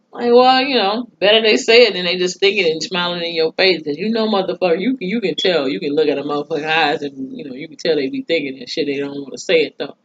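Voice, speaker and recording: A woman's voice: lowish voice, fast talker, hardly any pauses, breathy edge. A woman reviewing a TV episode in a casual recap, blunt and profane, often laughing as she talks. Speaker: TV show reviewer. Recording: dull lo-fi sound.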